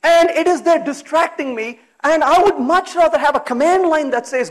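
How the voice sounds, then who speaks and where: A man giving a technical talk at a conference, talking in a lively way, firing off rhetorical questions and acting out exasperated asides. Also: very high-pitched, moderate pace. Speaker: conference speaker. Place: conference hall.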